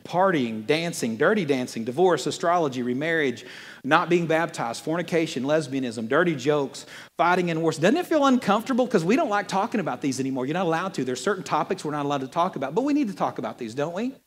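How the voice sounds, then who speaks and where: A man preaching from a church pulpit, his voice sitting high for a man and lifting often when he gets excited. He talks to the congregation as if chatting, mixing jokes into the message. A long reverb from the sanctuary trails behind his words. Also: quick pace. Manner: animated, conversational preaching with playful asides. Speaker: pastor. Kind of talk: sermon.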